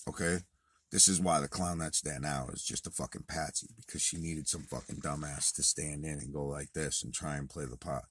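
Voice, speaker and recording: Deep husky man telling a wild story. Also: a little fast, no echo. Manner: profane, animated retelling, swings from muttered to shouted. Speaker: vlogger. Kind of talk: casual storytelling monologue.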